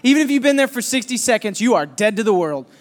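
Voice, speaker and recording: High-voiced man preaching with jokes. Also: quick pace, big-room sound. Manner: animated, joking storyteller who teases the audience. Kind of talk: sermon with personal storytelling.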